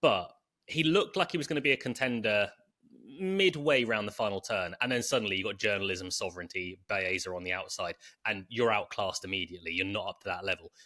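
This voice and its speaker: A man casually co-hosting a racing podcast, steering the talk and dropping in plugs and quick asides. His voice sits fairly low but sounds bright and clear. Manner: chatty, runs the show with subscribe plugs and quick asides. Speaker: podcast co-host. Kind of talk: casual horse racing preview chat.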